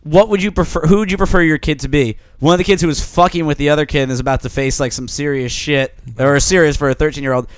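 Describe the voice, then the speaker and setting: A man's voice: on the high side, fairly even intonation, quick pace, few pauses, smooth, no echo. A man co-hosting a casual, crude podcast, reading news stories aloud and laughing through them while he rambles. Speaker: podcast co-host. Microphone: studio microphone.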